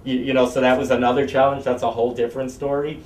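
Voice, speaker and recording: A man's voice: medium pitch, flat delivery, fast, echoey room, far from the mic, slight background noise. A man puppeteer in an interview, rambling through stories and acting out voices as he tells them. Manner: rambling, acts out voices in anecdotes.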